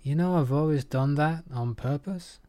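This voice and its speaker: A man's voice: on the high side, normal speed, dark tone, dry recording, voice pushed up, lightly acted. A man voicing a cocky, roguish young man who talks back with crude, teasing defiance.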